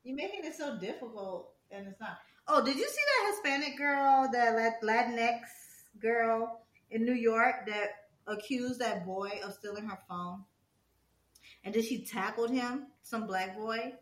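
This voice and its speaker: Animated woman telling stories in a roomy space. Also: a little high, unhurried. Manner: animated storytelling, acting out quoted people. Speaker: podcast co-host. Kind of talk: casual chat.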